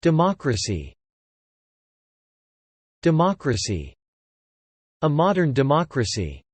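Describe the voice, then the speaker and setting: Very slow, lively-pitched vocabulary narrator. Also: breathy edge, no room sound. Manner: deliberate, says each word twice then a short phrase. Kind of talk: slow word-list reading for learners.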